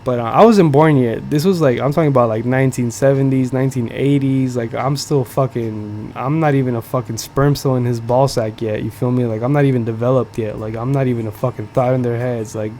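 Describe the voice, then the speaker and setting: A man's voice: medium pitch, steady tone, fairly quick, hardly any pauses, darkish tone, slight background noise. A young man from the United States hosting a podcast, telling a casual story in slangy, profane talk full of fillers. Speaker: podcast host. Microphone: streaming setup.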